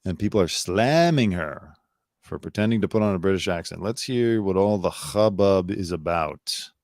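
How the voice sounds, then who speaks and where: A man's voice: deep voice, animated, normal speed, a little mellow, no echo, studio quality. A man hosting his own live show, giving blunt, sarcastic commentary with casual swearing. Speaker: host.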